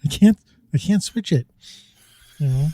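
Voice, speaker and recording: A middle-aged man co-hosts a podcast from his home in New York, chatting casually, rambling, and laughing often as he talks. His voice is fairly high and mellow, animated yet measured in pace, captured in a dry recording.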